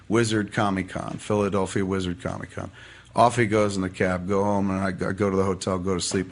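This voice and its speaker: A man with a fairly low voice tells a long story in a relaxed podcast conversation. He swears constantly and slips into little acted voices for the people he quotes. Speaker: podcast guest. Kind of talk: storytelling in a casual podcast chat.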